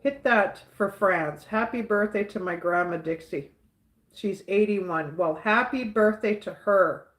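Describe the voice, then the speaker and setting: Slow-talking woman host, chuckly. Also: mid-range voice, fairly bright tone, roomy sound. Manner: chuckles often, repeats catchphrases. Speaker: livestream host. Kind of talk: casual livestream chat reading comments.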